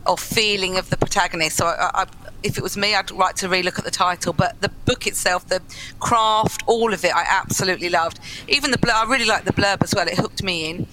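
A woman's voice: medium pitch, bright, forceful tone, slight background noise, rough recording. A woman giving effusive spoken feedback on a story, repeating herself with frequent restarts. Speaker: guest reviewer. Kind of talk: casual critique chat.

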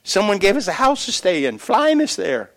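A middle-aged pastor preaches with a voice pitched a little above most men's. He tells stories with lively swings in loudness, then drops low and earnest to press his point home. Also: normal speed. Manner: animated storytelling that shifts between loud excitement and quiet earnest emphasis. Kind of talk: sermon.

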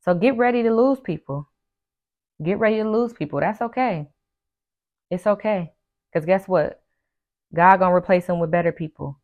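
A woman's voice: on the low side, phone-quality sound. A woman hosting a podcast, giving casual motivational advice in an emphatic, preachy way, repeating her key phrases and acting out what her friends say. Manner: acts out friends' lines in quick asides. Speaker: podcast host and life coach.

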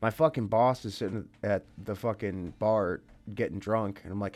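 A worn-out man talking on a podcast in a lowish voice. He swears freely and leans on "dude" and "like" as he vents. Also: normal speed, darkish tone. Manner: profane, says "dude" and "like" a lot. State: tired. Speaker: podcast co-host. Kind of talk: casual chat.

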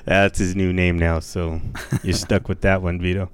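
A young man with a low, smooth, resonant voice co-hosts a podcast. He jokes around in animated, profane banter. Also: moderate pace, dry recording. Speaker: podcast co-host. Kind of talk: casual banter.

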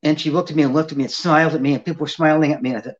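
Speaking very fast in a slightly high voice, an older ventriloquist guest narrates a long anecdote during an interview chat. He brings the story's people to life by acting out their voices, captured in dull lo-fi sound.

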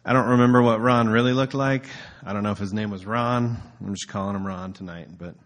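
A man's voice: on the low side, fairly even intonation, fairly quick. A man preaching casually as a pastor, telling a story in a loose, conversational way with filler words.

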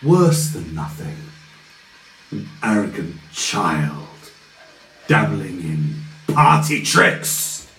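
A man voicing an arrogant, cruel male villain mage who taunts slowly and theatrically in a tabletop game. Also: low voice, sing-song, a bit bright, recorded from a distance, faint music behind, voice pushed down, heavily acted. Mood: scornful. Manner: slow, sneering, theatrical taunts. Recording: echoey room with faint noise.

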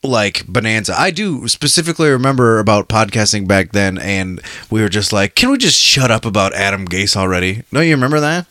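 A man's voice: on the low side, very animated, a little fast, few pauses, bright, forceful tone, no echo, clean studio sound. A man co-hosting a podcast, chatting casually about football, laid-back and given to swearing and trailing off. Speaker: podcast co-host. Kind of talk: casual chat.

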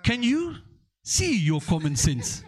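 A man voicing a clever little boy in a retold story, answering slowly and matter-of-factly. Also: sits high, wildly swooping pitch, a little mellow, voice pushed up, heavily acted. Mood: cheeky.

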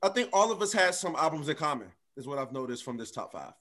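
A young man in a casual chat, talking in halting, repeated starts. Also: a little high, sing-song, a bit bright. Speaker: podcast co-host.

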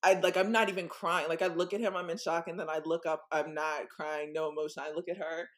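A woman's voice: low voice, flat delivery, a little fast. A young woman co-hosting a podcast, telling a story casually in a rambling way, full of "like" and "um". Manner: rambling, full of "like" and "um", acts out voices. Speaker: podcast co-host.

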